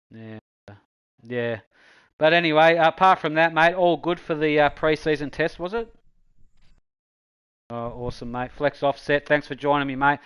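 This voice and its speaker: A man's voice: medium pitch, fairly bright tone, smooth, dry recording, poor audio. Chatty man hosting a race league. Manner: chatty, matey, many fillers. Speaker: esports league host. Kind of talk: casual post-race commentary and chat.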